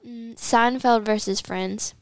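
Bubbly woman with a gravelly edge. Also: fairly high pitch, fairly even intonation, slow pace, no echo. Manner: bubbly, giggly, flustered. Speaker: co-host. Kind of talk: casual studio chat. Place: studio.

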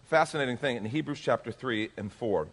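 A male pastor preaching a sermon, animated and acting out everyday voices as he goes. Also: medium pitch, a little fast, in a large hall.

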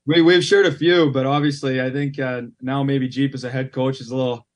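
A man's voice: mid-range voice, fairly quick. Laid-back man, hockey coach guest. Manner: relaxed, rambling with fillers. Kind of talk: casual radio interview.

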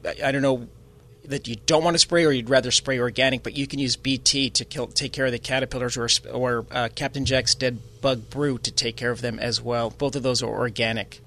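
A man's voice: medium pitch, fairly even intonation, a little fast, sharp tone. A man co-hosting a garden radio show, offering plant and pest advice in a friendly, knowledgeable way. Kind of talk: call-in radio chat.

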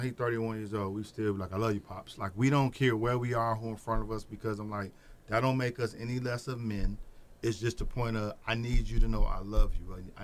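A middle-aged man from Peoria, speaking as a guest in a casual podcast interview, an animated storyteller who laughs as he talks about his family. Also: mid-range voice. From Peoria, Illinois. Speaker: guest, Head Start program director.

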